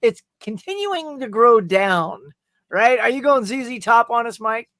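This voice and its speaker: A man's voice: extremely high pitch, animated, a little slow, a bit bright, dry recording. A man hosting a casual livestream, upbeat and reading viewers' chat aloud. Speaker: show host.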